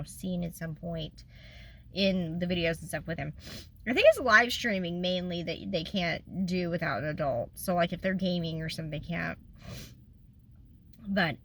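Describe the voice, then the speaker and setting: A woman's voice: fairly low pitch, a bit bright, a little hiss or hum. A woman, talking in a rambling, emotional way in a casual personal vlog, tearful at times. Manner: rambling and emotional, trails off and restarts. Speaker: vlogger.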